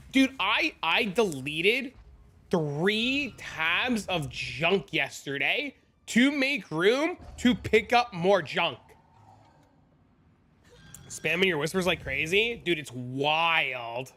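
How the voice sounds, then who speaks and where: A male game streamer chatting casually and profanely with his viewers. His voice is high and bright, and he talks in an animated, bantering way. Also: slow pace. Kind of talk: casual live-stream chat.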